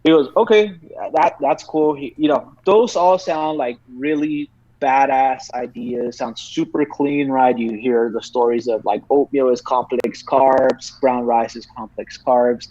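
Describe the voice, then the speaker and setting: A man's voice: mid-range voice, fairly even intonation, measured pace, few pauses, mellow, no room sound. A man in his thirties from Texas, a podcast guest telling a long story in casual chat and swearing freely as he rambles along. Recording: dry, slightly dull lo-fi sound.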